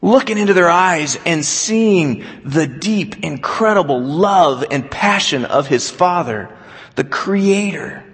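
A man preaching a sermon, telling stories with animation and dropping to a quiet voice for scripture. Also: fairly high pitch, slow pace. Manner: storytelling, animated, drops to quiet for quoted scripture. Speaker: pastor. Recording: long hall reverb.

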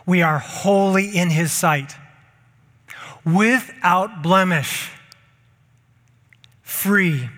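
Male pastor preaching slow and emphatic, high bright voice, repeats lines and gets the crowd to say them back, long church reverb. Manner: emphatic, repeats key phrases, leads congregation in call-and-response. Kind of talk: sermon. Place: church sanctuary.

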